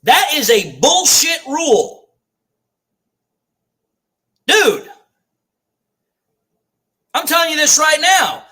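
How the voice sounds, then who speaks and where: A man's voice: very high voice, very animated, very slow, pauses often, pushed and bright. A man calling a football game live for a fan watch party, ranting and swearing as he repeats his complaints. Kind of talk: live play-by-play fan commentary.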